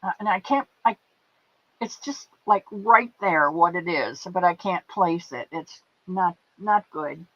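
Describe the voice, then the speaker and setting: Animated yet unhurried, a woman with a fairly low voice hosts a casual livestream, reading comments and greeting viewers by name with affectionate pet names. The stream audio is dull and lo-fi.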